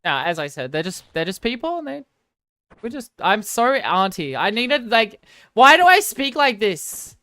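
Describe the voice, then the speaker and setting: A woman's voice: medium pitch, very animated, moderate pace, sharp tone, dry recording. A woman streamer chatting casually with viewers, rambling and apologizing in a self-deprecating way.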